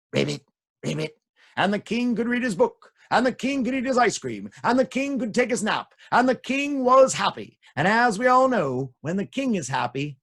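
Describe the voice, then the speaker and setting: A male children's storyteller with a fairly high voice that swoops up and down in lively sing-song. He repeats phrases for effect and speaks straight to the kids. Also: breathy edge.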